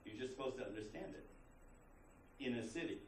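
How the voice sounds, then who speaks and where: A male college instructor talks through his lecture in a loose, conversational way, tossing rhetorical questions at the class. His voice sits at an ordinary middle pitch. The recording picks him up from across an echoey classroom, with faint room noise behind him. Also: fairly quick. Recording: roomy classroom recording from a distance.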